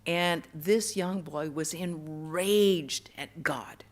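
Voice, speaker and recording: A woman giving a temple lecture, telling stories earnestly and going soft and hushed on tender words. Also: sits low, extremely slow. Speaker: monastic lecturer. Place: temple hall.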